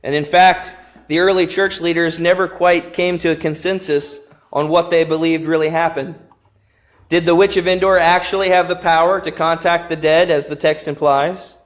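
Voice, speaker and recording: A man's voice: fairly high pitch, steady tone, normal speed. A man preaching an earnest, emphatic sermon in a church.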